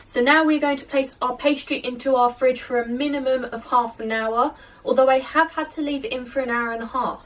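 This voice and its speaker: A chatty woman with a slightly high voice walks through a home baking recipe, poking fun at herself and talking to her dough as she goes. She sits a little back from the mic in her kitchen. Faint clatter of dishes and pans sounds in the background. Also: steady tone, fairly quick, far from the mic, slight background noise. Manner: chatty and self-deprecating, talks to the dough. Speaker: baking vlogger. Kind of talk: casual how-to narration.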